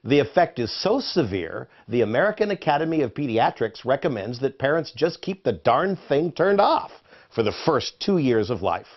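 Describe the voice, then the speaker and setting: A man's voice: medium pitch, very animated, moderate pace. A man narrating an educational video in a playful quiz style. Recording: dull lo-fi audio with faint music.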